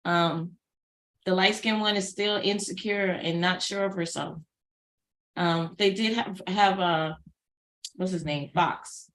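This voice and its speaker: A middle-aged woman co-hosting a casual chat review, chatty and exclaiming with quick asides. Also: on the low side, fairly even intonation, a bit bright, roomy sound. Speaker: co-host.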